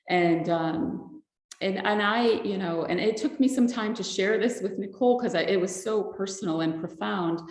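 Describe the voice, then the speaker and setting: A woman guest on a podcast, sharing a personal testimony in a halting, reflective way with many fillers, audibly emotional. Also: lowish voice, a little mellow. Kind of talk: personal testimony, casual talk. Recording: roomy echo.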